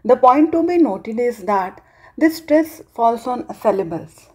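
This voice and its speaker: A woman from India with an Indian English accent, lecturing students slowly and deliberately on literary terms. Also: fairly high pitch, lively intonation, darkish tone, husky. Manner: slow, deliberate explanation with emphasized words.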